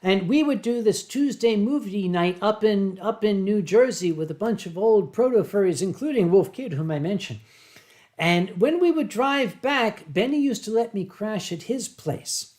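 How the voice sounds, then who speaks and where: A man's voice: sits high, animated, a little mellow. Theatrical man chatting on a webcam stream. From Pennsylvania, USA. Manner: theatrical storyteller, drawn-out dramatic emphasis. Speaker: livestream host. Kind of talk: casual livestream chat, reading viewer comments.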